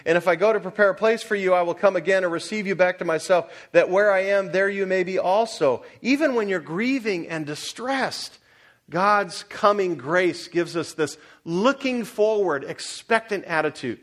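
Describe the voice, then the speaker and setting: In a high voice at a normal speed, a middle-aged pastor addresses his congregation with questions during his sermon. At times he urges them loudly, and at others he turns quiet to share personal stories.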